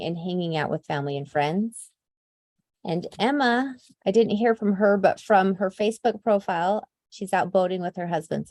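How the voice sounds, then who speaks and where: A woman's voice: on the low side, darkish tone, no echo. A woman from Idaho who founded the company, presenting casually and upbeat to her new team over a video call. She runs through long lists with lots of fillers and says openly that she tears up easily. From Idaho, USA.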